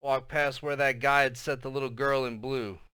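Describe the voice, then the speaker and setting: In a close, dry recording with no room sound, an audiobook narrator voices a novel in the first person. His tone is bright and crisp, his pace normal, and his expressive delivery sinks low and quiet when the tension rises.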